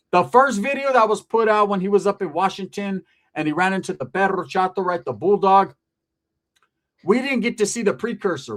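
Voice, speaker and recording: A middle-aged man talks to camera in a casual commentary monologue. His voice sits fairly high for a man. He speaks bluntly, in profane street slang. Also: fairly bright tone. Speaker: commentary channel host.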